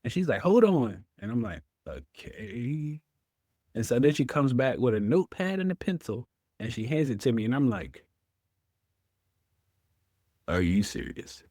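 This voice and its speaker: A man's voice: medium pitch, expressive, fast, darkish tone, dry recording, studio quality. A man, a veteran guest telling his story in an interview, acting out his own past words.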